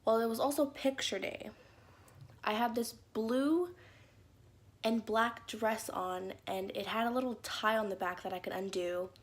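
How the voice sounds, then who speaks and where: A woman's voice: on the high side, fairly even intonation, measured pace. Chatty young woman telling stories. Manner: chatty, lots of "like" fillers, acts out quotes. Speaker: YouTuber. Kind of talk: story time vlog.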